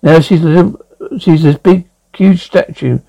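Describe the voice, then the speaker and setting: A man hosting a comedy podcast gives a scattered, jokey recap, acting out scenes and reading stage cues aloud. His voice is fairly high, creaky and warm, at normal speed, with lo-fi sound.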